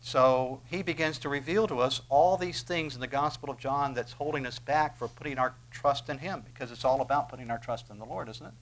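A man's voice: medium pitch, brisk, few pauses. A man preaching a sermon in a conversational way, asking his listeners questions and acting out voices when he quotes.

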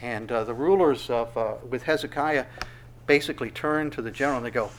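A man preaching a conversational sermon, retelling scripture in a lively way and often repeating his words. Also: mid-range voice, brisk, slight background noise. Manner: animated storytelling with repeated words and voiced asides.

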